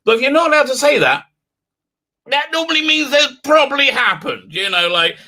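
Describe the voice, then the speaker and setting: Through a desk mic with a wavering level, a livestream host reads viewer comments and messes with his microphone, rambling and restarting with plenty of fillers. His voice is very high, expressive, pushed and bright, at a moderate pace.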